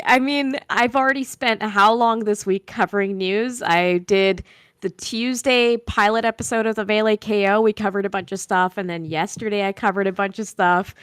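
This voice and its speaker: A woman's voice: a little high, a bit bright, smooth, dry recording. Laid-back woman podcast co-host. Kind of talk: casual chat.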